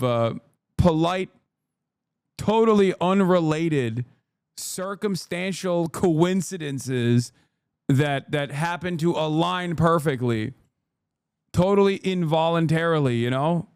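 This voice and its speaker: A man's voice: fairly high pitch, lively intonation, slow, smooth, dry recording. A man giving sarcastic, heated commentary on a clip during a live stream. He swears often.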